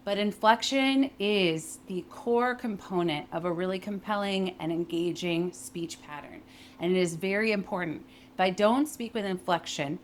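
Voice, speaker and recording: A young adult woman teaching workplace communication in a clear, emphatic way, modeling pitch and phrasing as she explains. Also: animated, moderate pace, slight background noise. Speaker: voice and communication coach. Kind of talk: instructional talk with spoken demonstrations.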